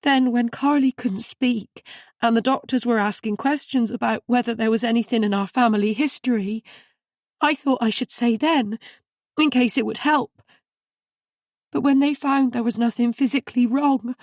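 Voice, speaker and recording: A woman's voice: fairly high pitch, moderate pace, a little mellow, no echo, clean studio sound, voice pushed up, lightly acted. A woman reader voicing a fragile, guilt-ridden woman who pleads and confesses through tears. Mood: distraught. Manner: tearful, pleading, emphatic.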